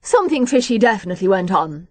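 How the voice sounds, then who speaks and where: A woman's voice: mid-range voice, sing-song, fast talker, a little mellow, no echo. Woman doing a hearty Irish man. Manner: cheerful, hearty. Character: jovial Irish man, archaeologist.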